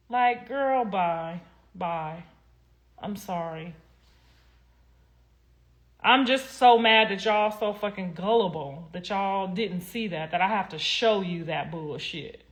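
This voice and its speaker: On a casual livestream, a woman rants bluntly and heatedly, swearing freely as she swings between loud outbursts and low mutters.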